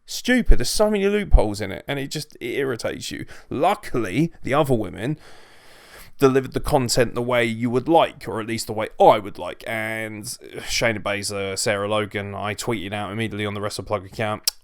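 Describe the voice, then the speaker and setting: A man rants through a casual review in a blunt, sweary, emphatic way. His voice has a gravelly edge but stays smooth and resonant underneath. It is recorded close and dry, with no room sound. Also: fairly low pitch, fairly quick, no echo. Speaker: wrestling show reviewer.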